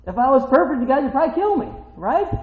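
A man preaching a sermon, shifting from quiet scripture reading to shouted, excited praise. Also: very high voice, fast. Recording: echoey hall, dull lo-fi sound.

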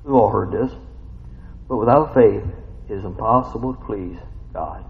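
A man's voice: lowish voice, normal speed, vocal fry. A man preaching a casual, story-driven sermon, full of rhetorical questions and folksy asides. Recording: muffled sound with long hall reverb.

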